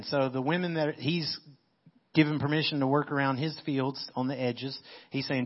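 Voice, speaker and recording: A man's voice: medium pitch, steady tone, moderate pace. Casual-talking male pastor, muffled sound. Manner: conversational, paraphrases verses in casual modern speech. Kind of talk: sermon reading scripture with commentary.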